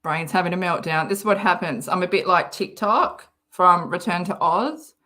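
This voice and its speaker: A woman's voice: on the low side, normal speed, pushed and bright. A woman with an Australian accent chatting casually on a livestream, reading out viewer comments between giggly, rambling asides. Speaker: livestream host reading chat.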